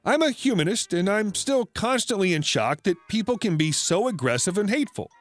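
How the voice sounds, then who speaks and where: A man narrating an internet story in a plain, even storytelling delivery. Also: high voice, fairly quick, no echo, faint music behind.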